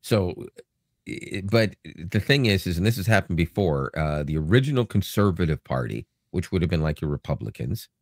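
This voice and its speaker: Canadian male podcast co-host, deep, dry mic, talkative and joking. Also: normal speed, dry recording. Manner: rambling, joking, animated storytelling. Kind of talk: casual chat.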